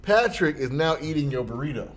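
A man telling a funny everyday story in a casual chat, jumping into high voices when he quotes people. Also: expressive, brisk, faint music behind.

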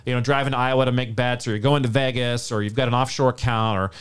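A man co-hosting a sports betting podcast, talking casually and getting hyped up as he pitches his pick. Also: quick pace, clean tone. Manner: excitable, hyped-up pitch delivery.

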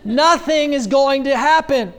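A male pastor preaching on a church stage at a stand microphone, animated and joking as he retells a story. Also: very high voice, a little slow. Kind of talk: sermon.

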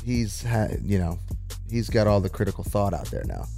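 A young man co-hosting a podcast in easy chat. His voice sits on the low side, and he thinks aloud, pausing with hesitant ums. Faint music plays underneath. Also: big pitch swings, vocal fry, mellow. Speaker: podcast co-host. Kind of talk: casual chat.

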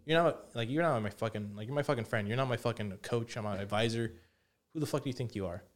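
A young man talks fast in a loose, rambling way, swearing constantly as he tells stories. His pitch sits in an ordinary middle range for a man. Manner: profane, rambling storytelling. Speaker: podcast co-host. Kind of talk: casual chat.

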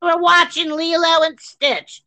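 A woman co-hosting a podcast, ranting furiously with heavy swearing and shouts. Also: very high voice, steady tone, unhurried, no echo, rough recording. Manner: reads a news article aloud. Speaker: podcast co-host. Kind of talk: angry podcast discussion.

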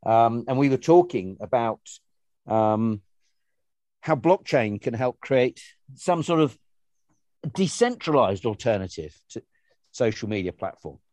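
A man talks through ideas in a relaxed podcast chat, looping back over his words with restarts and fillers. His voice is mellow and warm, sitting at an ordinary pitch. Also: measured pace, long pauses. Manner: rambling, frequent restarts and fillers. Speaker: podcast co-host. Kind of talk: casual conversational podcast.

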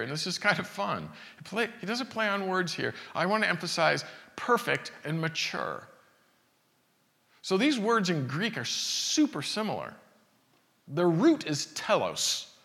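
A man's voice: on the high side, sharp tone. A man preaching a sermon in a conversational way, asking rhetorical questions and often restarting his sentences. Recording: reverberant hall.

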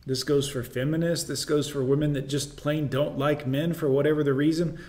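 A man's voice: fairly high pitch, fairly even intonation, a little fast, a little mellow. Blunt lecturing man. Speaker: reaction commentator. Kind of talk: reaction video commentary.

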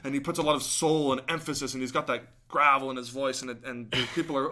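A man's voice: medium pitch, fairly even intonation, quick pace, sharp tone. A man co-hosting a podcast, ranting animatedly in casual chat and swearing now and then. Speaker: podcast co-host.

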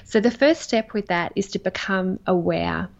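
Woman guest coach, mid-pitched, earnest and emphatic, muffled lo-fi sound. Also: moderate pace. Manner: earnest, emphatic, warmly enthusiastic. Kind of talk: interview answers. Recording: dull lo-fi audio.

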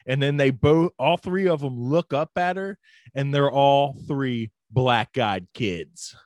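A man's voice: mid-range voice, slow, a little mellow, dry recording. A man telling a story in casual podcast chat, peppered with "like" and "dude" and swearing freely.

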